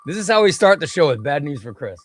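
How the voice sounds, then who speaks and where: The man hosting this casual comic book livestream talks fast in a sing-song voice on the high side. He chats with viewers and shouts out names as the giveaway wheel eliminates them one by one.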